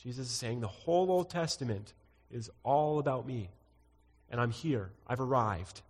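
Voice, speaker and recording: Male pastor, mid pitch, expository sermon with read-aloud verses, hall reverb. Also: lively intonation, normal speed, darkish tone, slightly rough. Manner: teaching through scripture, reads verses aloud, frequent "uh" fillers.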